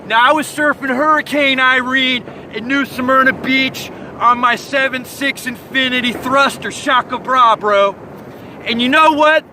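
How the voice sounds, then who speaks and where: A man with a very high, bright voice rambles through a comedic surfer monologue. He piles on surfer-bro slang and over-the-top storytelling, recorded on a phone with a faint hum of noise behind him. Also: steady tone, unhurried, rough recording. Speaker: comedic host.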